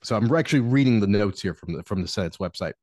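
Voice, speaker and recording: A man's voice: lowish voice, lively intonation, quick pace, darkish tone, no room sound, studio quality. A man co-hosting a political podcast who tells stories in a rambling way, full of fillers. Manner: rambling, many "you know" fillers. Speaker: podcast co-host. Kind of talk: casual podcast storytelling.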